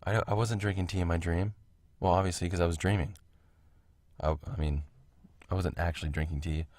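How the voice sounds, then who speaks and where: Rambling man with a very deep voice. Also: steady tone, brisk, darkish tone, no room sound. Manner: rambling, self-interrupting, laughs at himself. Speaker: podcast host. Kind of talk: casual solo podcast rambling. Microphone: home recording mic.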